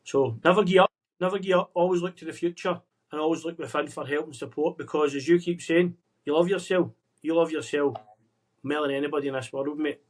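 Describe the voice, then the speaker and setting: A man guest speaking earnestly and encouragingly on a video call, giving motivational advice in casual chat and calling the host "mate". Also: on the high side. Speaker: podcast guest. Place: remote conversation across the world.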